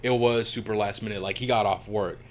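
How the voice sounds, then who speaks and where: Halting, rambling young man. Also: on the low side, steady tone. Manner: rambling, halting, lots of restarts and slang. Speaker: podcast co-host. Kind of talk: casual chat.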